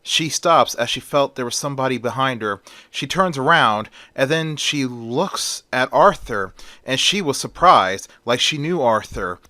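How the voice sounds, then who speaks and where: A man's voice: mid-range voice, lively intonation, a little slow, bright, forceful tone, dry recording. A man retelling a story in a plain casual way, with small slips and fillers.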